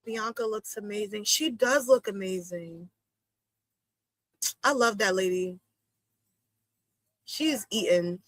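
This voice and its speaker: Chatty young woman with a bright, sharp voice. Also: takes it slowly, pauses often, no room sound. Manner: chatty and slangy, reacting with big swoops into high exclamations. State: itchy watery eyes from allergies. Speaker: streamer hosting a wrestling watch-along. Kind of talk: casual live-stream commentary.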